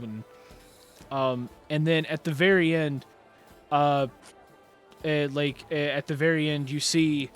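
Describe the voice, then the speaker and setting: A man narrating a tabletop game as game master, rambling with many fillers and restarts. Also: mid-range voice.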